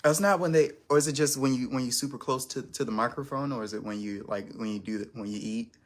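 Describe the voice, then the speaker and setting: A man's voice: medium pitch, fast. A man hosting his first live stream, chatting casually in a rambling, self-conscious way with lots of restarts.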